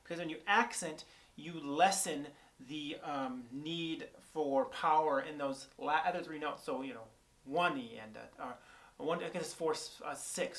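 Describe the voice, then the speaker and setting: Recorded on an on-camera shotgun mic, this young guitar teacher speaks at a measured pace in a fairly bright, higher voice. His casual explanation of picking technique is full of fillers and restarts as he thinks aloud, with guitar playing between phrases.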